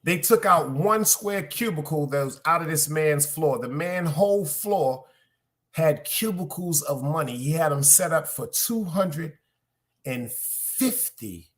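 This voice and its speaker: A man with a Brooklyn accent hosts a live stream, talking loose and profane straight to his viewers. His voice is bright and sits a little high, with a forceful edge. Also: a little slow. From Brooklyn, New York. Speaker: podcast host streaming live. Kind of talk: casual live-stream chat.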